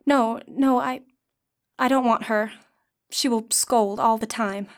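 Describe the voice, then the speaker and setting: Woman reader doing a vain fiery young woman, sharp tongue, higher voice, storybook. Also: fairly even intonation, slow pace. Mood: frightened, pleading. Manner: sharp, scornful, then pleading.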